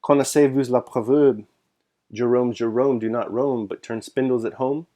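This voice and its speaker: A man's voice: medium pitch, steady tone, moderate pace, mellow, lightly acted. A sardonic, mocking nobleman, read by a man in an audiobook, wry and dry in tone. He drops French phrases into his talk with easy irony.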